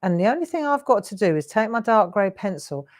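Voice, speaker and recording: An English woman in her sixties hosts a live craft demonstration, chatting and rambling with laughing asides. Her medium-pitched voice is very animated and fairly quick.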